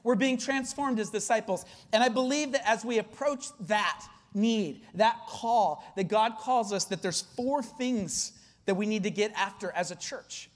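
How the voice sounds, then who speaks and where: A pastor delivers a conversational sermon full of fillers, shifting between loud emphasis and hushed, quiet lines. The voice is medium-pitched and unhurried.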